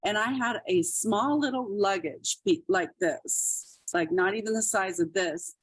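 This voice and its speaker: A woman's voice: mid-range voice, unhurried, breathy edge, dry recording. A woman comedian and actress, telling stories as a podcast guest in a chatty way full of fillers. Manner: chatty, many fillers like "like" and "you know". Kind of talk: casual storytelling.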